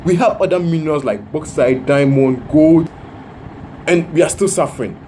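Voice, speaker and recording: A man's voice: fairly high pitch, normal speed, warm tone, a little hiss or hum. A man giving casual, earnest commentary to his viewers. He often repeats words for emphasis. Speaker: reaction video host.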